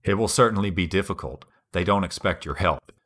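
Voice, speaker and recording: A man voices a calm male starship computer in a casual table read. The voice is very low and bright, read plainly with no robot effect. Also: a little fast.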